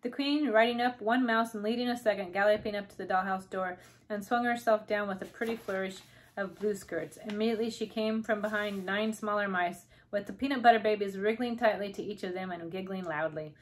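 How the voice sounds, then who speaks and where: A woman's voice: mid-range voice, rough recording. Woman reading a children's story aloud. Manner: calm, unhurried storytelling. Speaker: storybook reader.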